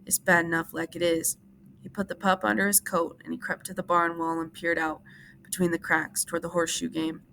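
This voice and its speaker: Low, gravelly woman reading a novel aloud. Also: a little hiss or hum. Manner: steady, measured narration. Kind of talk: audiobook-style reading for class.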